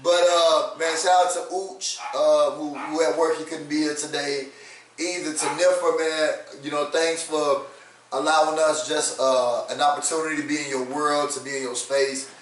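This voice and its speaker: A man with a slightly raised pitch gives laid-back, slangy shout-outs in a drawn-out way. He sounds far from the mic in a very echoey room. Faint noise runs behind him. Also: little pitch movement. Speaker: podcast co-host.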